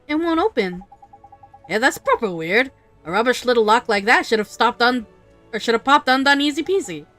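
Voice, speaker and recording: A woman's voice: fairly high pitch, lively intonation, moderate pace, fairly bright tone, soft background music. A woman voicing a cheeky male fairy companion, reading game lines in a cocky, slangy, blunt way. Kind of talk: reading game dialogue aloud.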